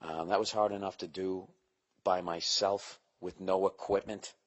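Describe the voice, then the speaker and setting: A man's voice: low voice, steady tone, a little slow. A man in his forties hosting his own podcast, talking through a profane, rambling, jokey monologue at home early in the morning while keeping his voice down. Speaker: podcast host. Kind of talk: casual solo podcast monologue.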